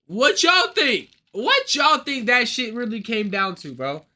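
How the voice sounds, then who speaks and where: A male streamer ranting casually on a livestream, profane and excitable, rambling from one thought to the next. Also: extremely high pitch, measured pace.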